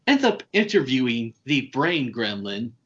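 A man's voice: mid-range voice, sing-song, unhurried, fairly bright tone, husky, highs cut off. A man hosting a podcast, casually retelling a movie plot in a rambling way, with swearing and fillers. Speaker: podcast host. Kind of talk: casual movie recap chat.

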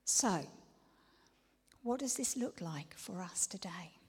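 A woman's voice: lowish voice, animated, takes it slowly, breathy edge. A woman preaching a sermon, earnest, often dropping to a whisper before emphatic declarations. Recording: long reverb of a large hall.

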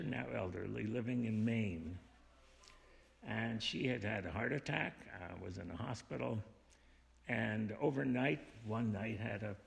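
Gravelly man reading in a reverberant hall. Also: mid-range voice. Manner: thoughtful, measured, explanatory. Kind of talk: reading aloud and reflecting on a passage.

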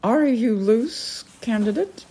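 A woman's voice: a little high, animated, slow pace, mellow, slightly rough, voice pushed up, full character voice. A woman voicing a stern, commanding female peregrine falcon in a storybook reading, formal and imperious.

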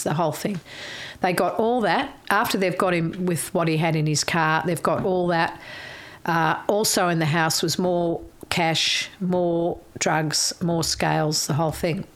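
An older Australian woman telling a candid personal story in a frank, wry, salty way, her voice going a little hoarse. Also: lowish voice, fairly even intonation, measured pace, hardly any pauses. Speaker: interviewee.

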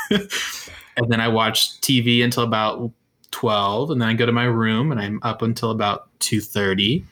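Bright-voiced young man chatting loosely. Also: mid-range voice, unhurried. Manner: relaxed, rambling with fillers and laughs. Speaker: podcast co-host. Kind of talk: casual chat.

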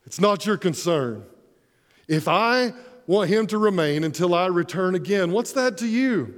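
A man voicing Jesus as a grown man, firm and steady as he redirects a disciple. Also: high voice, a little slow, in a large hall.

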